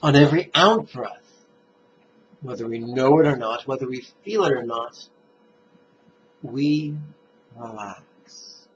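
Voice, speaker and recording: Slow, deliberate man teaching meditation. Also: mid-range voice, fairly bright tone. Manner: slow, deliberate, emphatic phrasing. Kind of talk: guided meditation instruction. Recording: dull lo-fi recording with faint noise.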